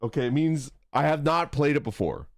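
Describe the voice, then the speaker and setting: High, lively male streamer, giggly and flustered. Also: fairly quick, no echo, studio quality. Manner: laughing often, flustered and joking while struggling to read German menus. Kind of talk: casual gameplay livestream.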